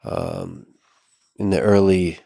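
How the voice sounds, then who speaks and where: A man hosting a podcast, asking questions in a soft-spoken, hesitant way with restarts. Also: low-pitched, very animated, slow pace, vocal fry, breathy edge, dry recording, clean studio sound. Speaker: podcast host. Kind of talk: interview questions.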